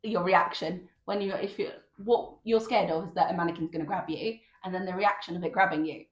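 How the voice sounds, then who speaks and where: Lively low-voiced woman, echoey room. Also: brisk, muffled recording. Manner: lively, teasing, bursts into animated outbursts. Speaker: podcast co-host. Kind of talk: casual chat.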